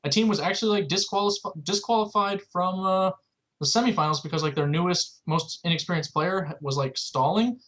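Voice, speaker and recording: A man's voice: sits high, brisk, a bit bright, poor audio. A man co-hosting a casual chat, thinking aloud with many filler words. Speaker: podcast co-host.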